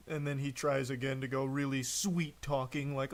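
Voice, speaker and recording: A male streamer with a slightly raised pitch, talking in a loose, casual commentary style. He sounds sarcastic and openly exasperated, dropping dry jabs as he goes. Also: steady tone, normal speed, few pauses.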